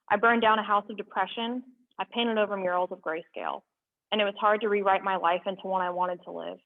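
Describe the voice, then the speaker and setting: A young woman at an open mic, reading poems aloud with earnest, halting asides between them. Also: medium pitch. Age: young adult. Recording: tinny phone-like sound.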